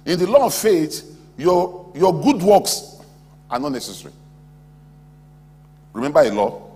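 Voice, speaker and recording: A man preaching a sermon as pastor in a large auditorium, animated, acting out imagined church members. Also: a little high, a little slow, slightly rough. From West Africa. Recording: long hall reverb, faint hum.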